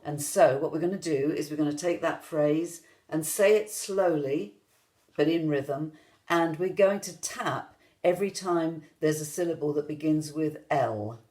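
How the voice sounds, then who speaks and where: A woman's voice: low voice, measured pace. A woman music teacher giving an online rhythm lesson, explaining patiently step by step to viewers at home. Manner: gentle, patient step-by-step instruction.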